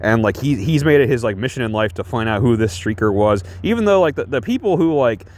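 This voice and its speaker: A man's voice: mid-range voice, lively intonation, fast talker, a little mellow. A man casually talking through a movie he reviews, rambling with lots of fillers and restarts and chuckling often. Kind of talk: casual film review chat.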